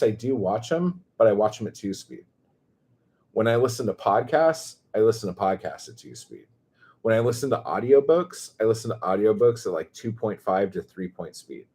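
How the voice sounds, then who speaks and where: A man with a Californian accent chatting casually on a livestream, drawing his words out slowly, swearing freely and rambling as he reads chat aloud. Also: mid-range voice, dark tone, husky. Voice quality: slow, drawn-out surfer-dude drawl.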